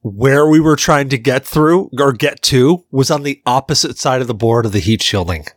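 A man's voice: mid-range voice, moderate pace, dry recording, clean studio sound. A man co-hosting a podcast, telling a story with lots of swearing and laughter, sounding drunk. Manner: profane, laughing, animated storyteller. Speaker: podcast co-host. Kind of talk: casual chat, storytelling.

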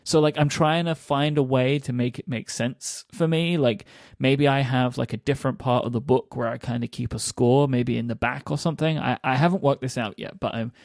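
A man's voice: medium pitch, fairly even intonation, a little fast, gravelly, few pauses, a little mellow, dry recording. A man with a mid-range voice talks through his thinking on a podcast. He sounds earnest and explanatory, often checking in with "right?" The sound is dry and close. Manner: earnest, explanatory, laughs easily. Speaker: podcast co-host. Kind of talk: casual book discussion.

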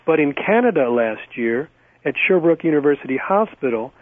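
A man's voice: fairly high pitch, animated, dry recording. Man arguing insistently over a phone line. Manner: rapid, insistent, fact-heavy. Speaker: guest activist. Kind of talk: radio interview.

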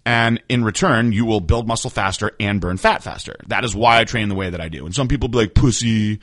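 A man's voice: on the low side, no room sound, studio quality. A young man hosting a podcast, telling gym stories in casual chat and acting out quotes with laughs. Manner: fast, animated storyteller who acts out quotes with laughs. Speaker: podcast host, bodybuilder.

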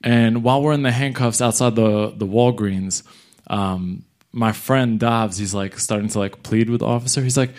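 A young man from New York City telling a comic story live, animated and jumping into voices of the people in it. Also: mid-range voice, normal speed. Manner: animated, acts out other people's lines.

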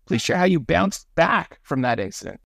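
A man hosting an interview, asking measured, prepared questions. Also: on the high side, very animated, creaky, a bit bright, no echo. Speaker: podcast host.

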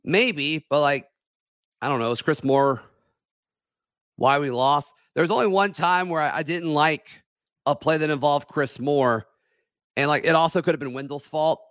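A man hosting a casual sports talk stream, hoarse from yelling, rambling with many fillers and restarts. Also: a little high, moderate pace, pauses often, no room sound, clean studio sound.

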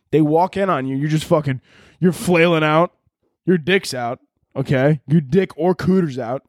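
Crude rambling comedian, dry mic. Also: male voice, a little high, no room sound. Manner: crude, rambling, bursts into shouted voices. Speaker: podcast host. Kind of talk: comedic monologue answering listener questions.

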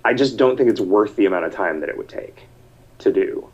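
A fairly low-voiced man hosts a casual podcast over an online call. He rambles, breaks off mid-sentence and reads listener messages aloud. The audio comes through dull and lo-fi. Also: a little fast, slightly rough. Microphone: computer mic over an online call.

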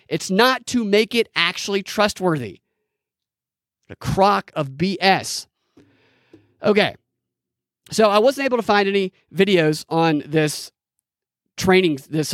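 A man's voice: a little high, dry recording, studio quality. A man hosting a solo commentary podcast, ranting in an indignant, mocking way. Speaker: podcast host.

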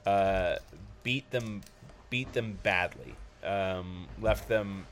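A man's voice: low voice, drawn-out words, slight background noise. A man hosting a casual sports podcast, talking loosely with lots of ums and restarts. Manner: hesitant, many ums and restarts.

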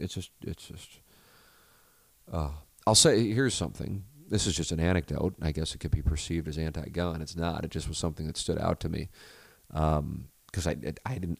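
Deep-voiced man, candid rambling monologue. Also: creaky, a little mellow, dry recording. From United States. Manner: rambling, candid, self-correcting, profane. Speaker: podcast host. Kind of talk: solo casual monologue.

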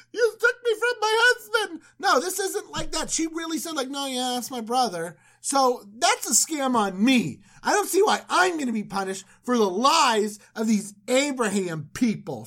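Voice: big pitch swings, moderate pace, few pauses, a bit bright. Someone doing an exasperated, pleading king. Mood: indignant. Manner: pleading, high-pitched, exasperated. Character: indignant aggrieved male king.

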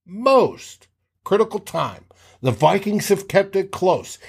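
A man hosting a casual sports talk show, telling game stories with animated re-enactments of players' shouts. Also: high-pitched. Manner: animated, acts out players' shouts mid-story.

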